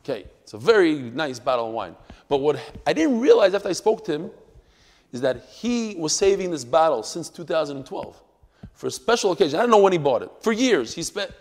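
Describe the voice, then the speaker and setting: A man leads a Talmud class in a fairly high voice. He talks animatedly, dropping into quiet asides and then rising to loud, emphatic bursts. His voice carries a long reverb from the room. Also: sing-song, fairly quick. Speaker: Torah teacher.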